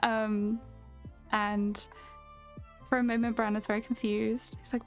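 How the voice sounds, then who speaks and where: Slow, giggly woman streamer. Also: a little high, level tone. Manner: rambling, giggly, lots of fillers. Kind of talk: casual chat. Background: lo-fi music.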